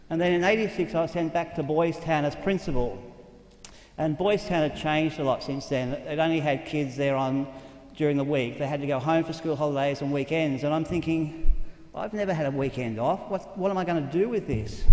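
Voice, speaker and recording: Australian priest telling stories in an echoey hall. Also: male voice, on the high side, a little mellow. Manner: earnest, conversational storyteller. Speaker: Catholic priest. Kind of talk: storytelling talk.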